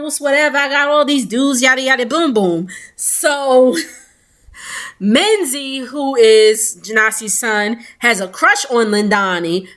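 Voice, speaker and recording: A woman chats through a recap, slipping into little quoted voices and laughing as she goes. Her voice sits on the high side and sounds bright and forward, and she talks slowly, taking her time. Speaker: reality TV recap vlogger. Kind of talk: casual chat.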